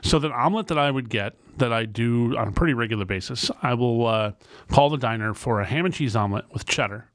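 A man's voice: mid-range voice, fast, no room sound. A man co-hosting a radio show, blunt and matter-of-fact in casual banter.

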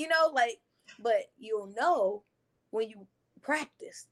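A woman's voice: fairly high pitch, lively intonation, takes it slowly. Earnest woman talking about faith. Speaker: podcast guest. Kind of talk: casual conversation.

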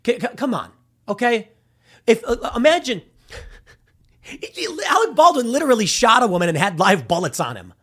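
A man giving casual, argumentative opinion commentary with a slangy, animated way of talking. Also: very high-pitched, moderate pace, pauses often, breathy edge.

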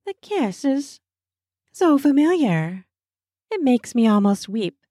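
A woman narrating a first-person erotic audio story in a breathy, intimate voice. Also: high voice, very animated, takes it slowly, dry recording, studio quality. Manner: breathy and intimate, slipping into soft moans.

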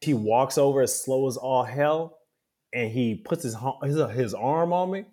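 Animated man telling stories. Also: medium pitch, unhurried. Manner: animated storyteller, acts out quoted voices. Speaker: guest. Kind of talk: casual interview talk.

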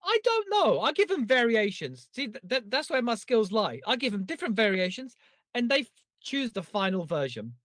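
Podcast guy joking around, bright sharp voice, swoops up and down a lot. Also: extremely high pitch, normal speed, no echo, clean studio sound. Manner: animated, jokey, self-mocking. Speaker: podcast co-host. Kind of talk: casual podcast chat.

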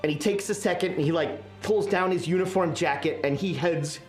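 A game master narrating a tabletop horror game in a casual, halting way, full of fillers. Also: mid-range voice. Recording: echoey room with faint music.

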